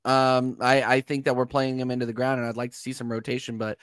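A man in casual football chat on a call, measured and a little hesitant, with ums and restarts. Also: medium pitch, monotone, clear, resonant tone, no room sound. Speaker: football panel guest.

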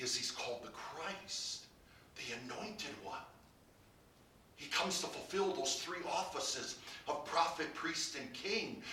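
A man preaching a sermon as pastor, building to emphatic peaks and dropping to quiet, low lines. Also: expressive, takes it slowly, far from the mic, slight background noise. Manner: preaching with rising emphasis and soft drops. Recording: roomy, from off the mic.

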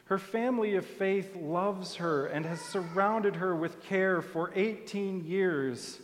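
A man preaching a sermon in a church, telling the story softly and deliberately. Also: sits high, slight background noise. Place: church sanctuary. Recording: long hall reverb.

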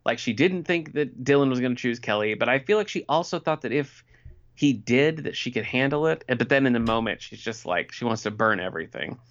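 A man's voice: mid-range voice, animated, fairly quick, dull audio. A man in his forties co-hosting a podcast, chatting casually about a TV episode and leaning on lots of "like" and "you know". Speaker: podcast co-host. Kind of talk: casual TV recap chat.

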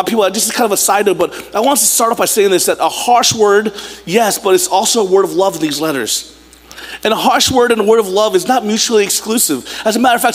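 A man in his thirties preaching a sermon as pastor, telling stories with acted-out voices and appealing directly to his congregation. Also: a little high. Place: church sanctuary. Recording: long hall reverb.

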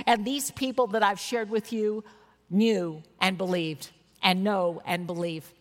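A woman in her sixties preaches in a church, her mid-pitched voice carrying personal stories with earnest, emphatic bursts. Her words ring with the long reverb of a large hall. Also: slow pace.

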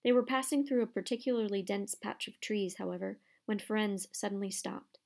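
A woman reads a storybook aloud at a middle pitch, her voice often dropping into a gravelly fry. Her narration is steady and expressive. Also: fairly quick, hardly any pauses. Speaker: audiobook narrator.

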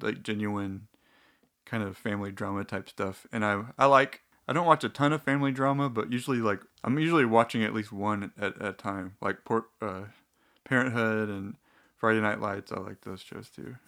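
A man's voice: fairly low pitch, brisk, a bit bright. A young man chatting casually about shows he watches, rambling with restarts and dry, wry asides. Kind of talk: casual TV show recommendations.

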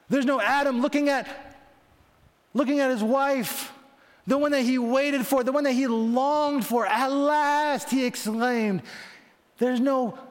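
A man with a high voice delivers a sermon, shifting into dramatic voices for the people in his story. His words ring out with a long reverb, as in a large hall. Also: unhurried. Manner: dramatic, voicing biblical figures in quotes. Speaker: preacher.

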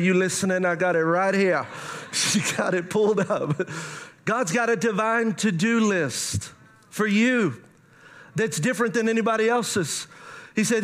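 A middle-aged man preaching, animated and conversational, with playful asides to the congregation. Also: high voice. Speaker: pastor. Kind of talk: sermon.

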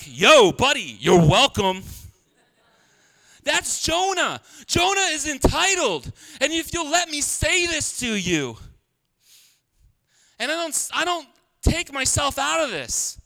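A pastor preaching a sermon in a humorous, conversational way, laughing often. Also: male voice, high-pitched, pushed and bright, smooth. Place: church.

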